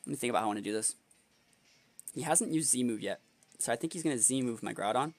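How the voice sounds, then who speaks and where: A man's voice: mid-range voice, quick pace. A young man thinking aloud through a competitive match, analyzing his opponent's moves, with frustrated outbursts at times. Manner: analytical, muttering strategy to himself, then bursting into exasperated outbursts. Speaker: competitive game player and video creator. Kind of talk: thinking-aloud gameplay commentary.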